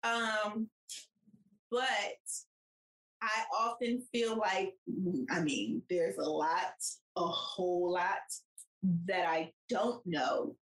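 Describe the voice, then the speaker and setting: A woman's voice: lowish voice, extremely slow, fairly bright tone, echoey room, poor audio. A woman co-hosting a podcast in casual chat, playful and teasing. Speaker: podcast co-host.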